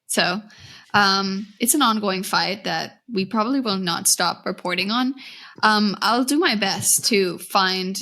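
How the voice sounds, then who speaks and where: A woman's voice: mid-range voice, unhurried, bright, forceful tone. An American woman hosting a trade podcast in casual chat, chatty and laughing often, sometimes losing her thread mid-story. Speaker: podcast host.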